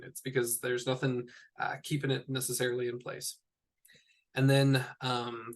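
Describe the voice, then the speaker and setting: A man teaching a recorded lesson in a relaxed, explaining way, with fillers and small asides. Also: medium pitch, creaky.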